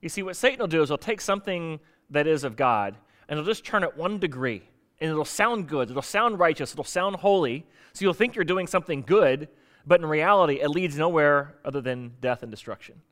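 A man delivers a sermon in a loose, conversational way, with a slightly higher voice than most men. He keeps it casual and animated and slips into little voices to act out dialogue. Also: brisk. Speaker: pastor.

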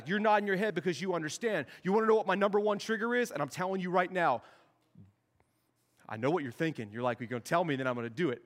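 A man in his forties preaches with a fairly high voice, and his words ring out with the long reverb of a large hall. He jokes through his sermon like a youth pastor, slipping into little acted-out conversations. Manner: joking, storytelling, acts out dialogue.

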